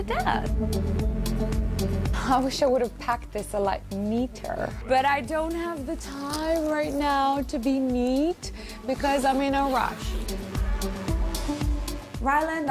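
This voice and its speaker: A woman talking casually as an evicted contestant, earnest and rambling. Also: a little high. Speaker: evicted reality show contestant. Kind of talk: casual interview talk.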